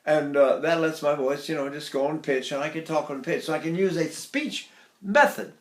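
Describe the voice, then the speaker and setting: Casting: older voice teacher, high-pitched, breaks into sung demos, recorded in a roomy space. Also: male voice, moderate pace. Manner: demonstrates by sighing and singing phrases high. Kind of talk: vocal technique lesson. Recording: echoey room.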